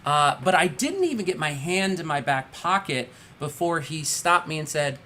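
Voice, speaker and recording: A man in his thirties doing a stand-up comedy set over a video call, telling stories with big acted-out shouts. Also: a little high, moderate pace, hardly any pauses, a little hiss or hum. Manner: animated storytelling with loud acted-out shouts.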